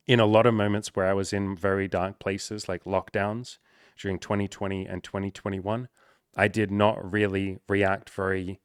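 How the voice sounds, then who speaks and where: A young man, a coach and content creator, speaks to the camera candidly and with deep emotion, swearing freely and close to tears. His voice is deep, clear and resonant, and the recording is dry.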